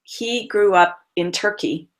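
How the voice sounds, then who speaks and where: A woman's voice: medium pitch, slow. A woman voice coach, a guest on a remote call, telling client stories expressively with frequent laughs.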